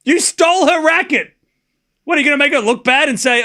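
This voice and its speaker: A man's voice: very high voice, animated, brisk, long pauses, sharp tone. A man commentating a tennis match live on stream, chatty and incredulous, laughing often and talking to his chat.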